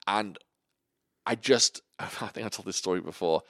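Speaking at a normal speed in a low register, a man hosts a podcast full of casual storytelling, heavy swearing, and voices he acts out with energy. The studio audio is clean, with no room sound.

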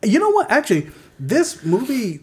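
A woman's voice: fairly high pitch, wildly swooping pitch, moderate pace, a little mellow, husky. A woman co-hosting a movie podcast, rambling casually with lots of fillers and laughter. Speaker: podcast co-host. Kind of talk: casual chat.

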